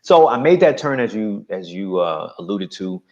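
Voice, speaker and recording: Male interview guest, low fry-heavy voice, animated storyteller, lo-fi sound. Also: normal speed. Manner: animated storytelling with acted quotes.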